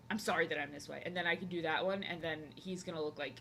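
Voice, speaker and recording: Bright-voiced rambling woman streamer. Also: lowish voice, fairly even intonation, fast, a little hiss or hum. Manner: rambling, filler-heavy, talks to chat. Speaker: art streamer. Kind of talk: casual chat while drawing on a live stream.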